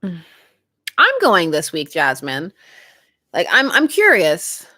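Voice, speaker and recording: A young woman chatting casually with her stream viewers, giggling often and talking in an animated way. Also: on the low side, slow, no room sound, studio quality. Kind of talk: casual live-stream chat.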